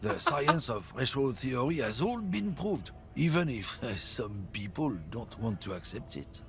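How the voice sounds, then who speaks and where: A man doing a gravelly, swaggering bigoted trucker. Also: medium pitch, very animated, measured pace. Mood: boastful. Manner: swaggering, boastful, sneering. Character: gruff bigoted middle-aged male trucker. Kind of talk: voicing game dialogue on a livestream.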